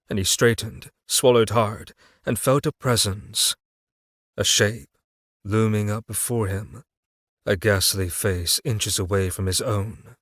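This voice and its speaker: A man narrating a dark fantasy audiobook in a measured, dramatic reading. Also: on the low side, no room sound, clean studio sound.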